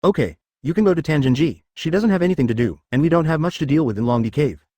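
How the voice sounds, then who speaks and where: A man voicing a lively, teasing female snake spirit in a machine-read web novel audiobook, with a flat delivery. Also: fairly high pitch, fast, no room sound, clean studio sound.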